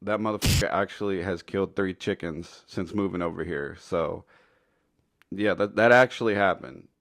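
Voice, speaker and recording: A man's voice: low-pitched, normal speed, fairly bright tone, no room sound. A man telling a funny story in a casual, rambling, foul-mouthed way. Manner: laid-back, profane, rambling. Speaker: storytelling commentator.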